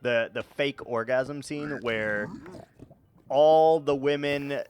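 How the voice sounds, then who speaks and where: A man's voice: medium pitch, a little hiss or hum. A young man streaming a game, chatting casually to his chat in a rambling, joking, self-mocking way with frequent chuckles.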